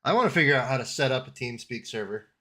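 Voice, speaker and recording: A relaxed man hosting a casual gaming debrief. He jokes around and hums to himself between remarks, with a mid-range voice. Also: mid-range voice, quick pace. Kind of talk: casual chat.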